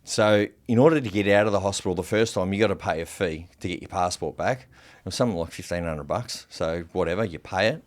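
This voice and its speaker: Man, low voice, podcast guest, casual storytelling, swears often, lots of fillers. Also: fast talker, hardly any pauses. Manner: animated, swears freely, many fillers.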